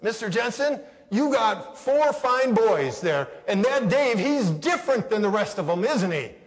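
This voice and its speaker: Brief: man playing a direct salesman, higher voice, hall echo. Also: sing-song, a little slow. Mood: friendly. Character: blunt male salesman, direct.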